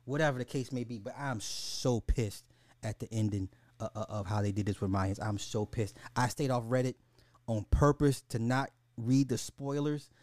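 A man of middle pitch hosts his own podcast in loose, casual talk, swearing freely and stumbling over repeated words when worked up. The sound is dry and close, with no room around the voice. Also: moderate pace, darkish tone, no room sound. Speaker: podcast host. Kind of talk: casual ranting commentary.

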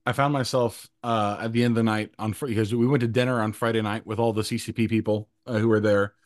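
A man co-hosting a casual talk show, loud, joking and boisterous. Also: fairly low pitch, fairly even intonation, fast talker, no echo, studio quality. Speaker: co-host. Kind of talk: casual chat.

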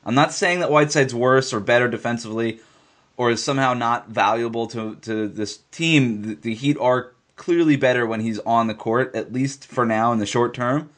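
A man's voice: mid-range voice, moderate pace, a bit bright. A man co-hosting a sports podcast, arguing his point emphatically and repeating lines for stress. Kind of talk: casual sports talk.

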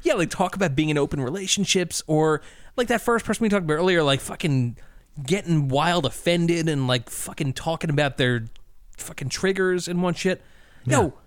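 A man co-hosting a casual comedy podcast, animated, laughing easily and swearing. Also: fairly high pitch, moderate pace, no echo, clean studio sound. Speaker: podcast co-host.

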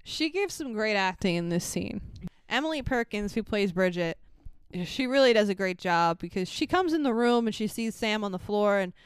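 A woman co-hosting a casual podcast, recapping a movie in an animated way, swearing freely and acting out lines. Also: mid-range voice, moderate pace, clean tone, no echo. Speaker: podcast co-host.

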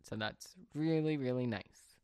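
A young man casually telling a rambling, animated story on a podcast. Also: mid-range voice, unhurried, clear, resonant tone, dry recording, clean studio sound. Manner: rambling, animated anecdote with fillers and asides. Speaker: podcast speaker.

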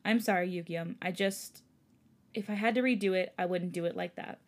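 Sorry young guy pleading, woman reading, quiet and low-key. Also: normal speed, close to an everyday voice. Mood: remorseful. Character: remorseful young man begging forgiveness.

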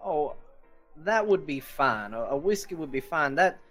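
A man's voice: on the high side, very animated, a little slow, fairly bright tone, soft background music. A man playing a tabletop game, speaking in a polite, dry and reserved way.

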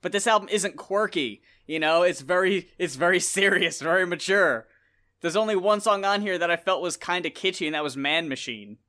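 Bright-voiced man chatting casually. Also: high voice, normal speed. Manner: rambling, laughs often, swears casually. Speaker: podcast co-host. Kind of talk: casual album review chat.

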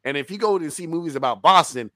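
Animated, profane man reviewing a film. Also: on the high side, fast, dry recording. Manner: animated, profane, laughs often. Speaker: podcast co-host reviewing a film. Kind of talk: casual film review chat.

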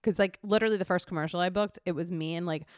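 A woman co-hosting a podcast, chatting casually and telling lively stories with casual swearing. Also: on the low side, racing, no echo, clean studio sound. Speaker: podcast co-host. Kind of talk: casual chat.

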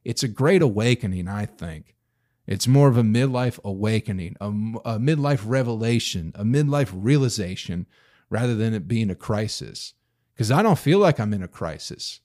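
A man's voice: fairly low pitch, expressive, moderate pace, a little mellow. A man in his thirties hosting a solo podcast, rambling through a story and ranting with profanity, rhetorical questions and sudden bursts of emphasis. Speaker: podcast host. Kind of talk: casual solo podcast rant.

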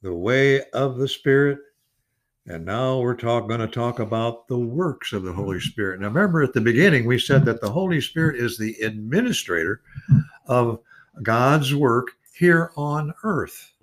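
A man's voice: mid-range voice, lively intonation, normal speed. A man in his eighties teaching an informal Bible study, earnest and rambling, stretching out key words of Scripture for emphasis. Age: 80s. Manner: rambling with restarts and repeated words.

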